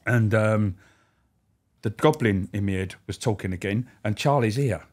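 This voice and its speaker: A man, a former prison officer, telling profane, animated stories as a podcast guest. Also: on the low side, normal speed. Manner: animated, profane, laughing storyteller. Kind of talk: anecdotal storytelling.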